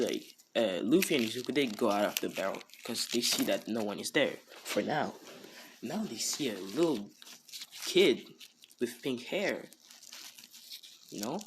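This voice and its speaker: A man's voice: lowish voice, noisy background. Rambling man telling a fan story. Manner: rambling, filler-heavy. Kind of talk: casual improvised storytelling.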